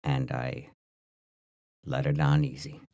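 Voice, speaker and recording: A man with a very low voice tells a story on a podcast, loose and rambling, with lots of restarts and fillers. The sound is dry and close, with no room behind it. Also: slow pace, dry recording. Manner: rambling, full of restarts and "like", animated. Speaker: podcast co-host. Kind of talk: casual storytelling chat.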